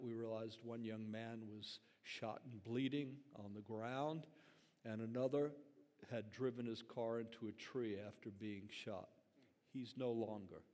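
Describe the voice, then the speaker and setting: A man's voice: mid-range voice, a little mellow. An older man, a grandfather and pastor, telling a story in a conversational, earnest sermon full of fillers. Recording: long hall reverb.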